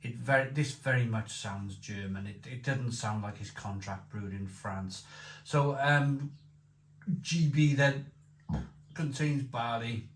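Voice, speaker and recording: A man's voice: medium pitch, takes it slowly. Enthusiastic man reviewing beer. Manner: enthusiastic, repetitive, rambling. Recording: echoey room with faint noise.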